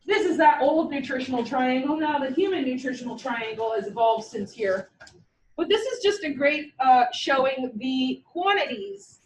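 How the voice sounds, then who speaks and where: High-voiced woman lecturing in a classroom. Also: animated, moderate pace, a little hiss or hum. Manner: blunt, joking, emphatic. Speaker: veterinary technician instructor. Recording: echoey room, mic far away.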